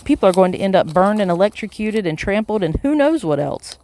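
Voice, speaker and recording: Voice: medium pitch, big pitch swings, a little fast, a little mellow, no room sound. A reader voicing an earnest young boy. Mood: urgent.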